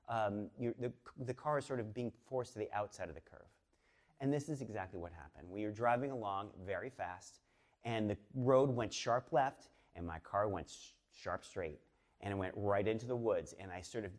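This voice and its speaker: Chatty man telling a story on stage. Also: mid-range voice. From Boston area. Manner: chatty, animated, many fillers and restarts. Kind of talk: live personal storytelling. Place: stage before a live audience.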